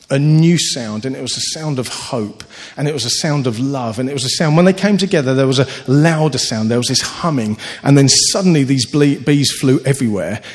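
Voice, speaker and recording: A man preaching a sermon, earnest and animated, telling stories with sudden lifts in his voice. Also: mid-range voice. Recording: long hall reverb.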